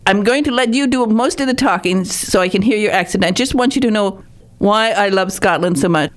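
An effusive woman hosts an interview, her voice sitting at a middling pitch. She gushes freely and keeps restarting her sentences as she talks. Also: a little fast. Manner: effusive, gushing, stumbles and restarts often. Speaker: podcast host. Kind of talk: warm chatty interview.

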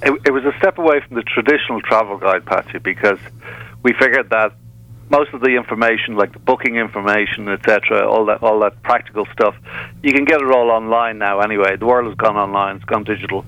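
A man's voice: fairly low pitch, a bit bright, no room sound, lo-fi sound. An Irish man, an author guest, talking easily in a radio interview with a few repeated words. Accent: Irish, slightly softened by years in the US. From Ireland. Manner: easygoing, storytelling, some repeated words.

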